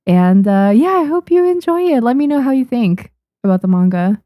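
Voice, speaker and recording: A woman's voice: on the high side, expressive, brisk, dark tone, dry recording, studio quality. A young adult woman, a manga artist, chatting casually on a livestream at her desk microphone, thanking viewers with frequent ums. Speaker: manga artist streaming to chat.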